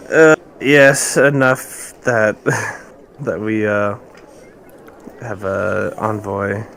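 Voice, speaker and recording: A man at a tabletop game, recounting events in character in a halting way. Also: lowish voice, gravelly, fairly bright tone, a little hiss or hum, low-quality recording. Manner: halting, many ums and laughs. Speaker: player.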